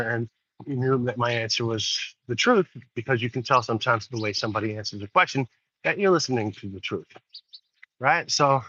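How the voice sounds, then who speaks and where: A man's voice: medium pitch, bright, forceful tone, no echo. A middle-aged man telling a story in a casual vlog, angry and swearing freely, recorded outdoors. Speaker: vlogger. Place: outdoors in the rain. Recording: dull lo-fi sound.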